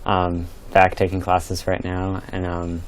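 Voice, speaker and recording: A young man with a very deep voice speaks in an almost flat tone. He gives earnest, measured thanks with some "um"s and "uh"s. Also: slight background noise, low-quality recording. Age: late teens. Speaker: graduating student. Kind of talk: interview answers.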